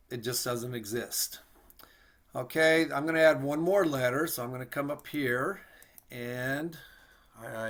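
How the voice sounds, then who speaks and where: A man teaching an online language lesson in a relaxed, patient way, slowly sounding out words and repeating them for learners. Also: mid-range voice. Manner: patient, slow demonstration of words, easygoing asides. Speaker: Spanish teacher.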